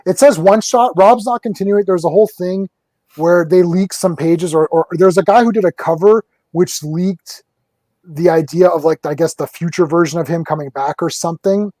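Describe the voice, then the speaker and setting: A man's voice: high voice, moderate pace, warm tone, dry recording, poor audio. Rambling enthusiastic male host. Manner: rambling, enthusiastic, laughs often. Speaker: podcast host. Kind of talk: casual pop culture chat.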